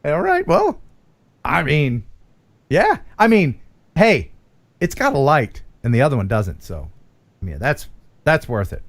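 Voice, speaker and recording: A man's voice: on the high side, wildly swooping pitch, a little slow, long pauses. An American man hosting a casual live stream, joking around and reading chat comments aloud. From United States. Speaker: host.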